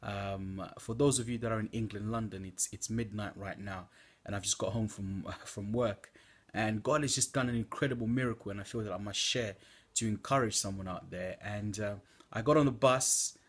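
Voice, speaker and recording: A man's voice: fairly low pitch, normal speed. A young man giving an earnest preaching testimony from home at night, exhorting listeners with fillers. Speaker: church member giving a testimony.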